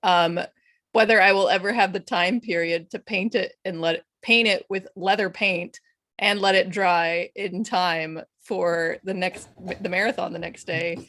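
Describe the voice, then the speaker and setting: A woman's voice: fairly low pitch, steady tone, unhurried, a bit bright, no echo. A woman moderating a casual stream panel, chatty and rambling with plenty of laughter.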